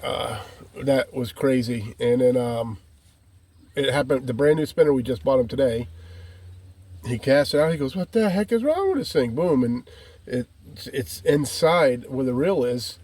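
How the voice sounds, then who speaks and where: A man's voice: medium pitch, fairly even intonation, unhurried, a little mellow. A man vlogging from his van and by the water, talking in a folksy, rambling way and calling his viewers "folk", filmed on a handheld phone. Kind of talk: casual vlog chat. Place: outdoors by water and inside a van.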